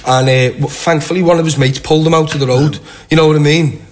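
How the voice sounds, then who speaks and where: A young man with a Liverpool accent, a guest telling a long, animated anecdote with lots of quoted voices. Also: fairly high pitch, quick pace. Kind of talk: casual storytelling.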